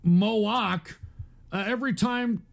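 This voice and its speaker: A man's voice: high-pitched, slow pace, gravelly. A man hosting a livestream, ranting angrily and sighing as he reads out donation messages. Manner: exasperated, cursing, sighing. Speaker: livestream host reading donations. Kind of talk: angry livestream rant.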